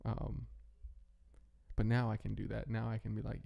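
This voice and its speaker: A man hosting a casual, rambling monologue, talking in a relaxed way with many restarts. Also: fairly low pitch, moderate pace, creaky, highs cut off. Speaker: host.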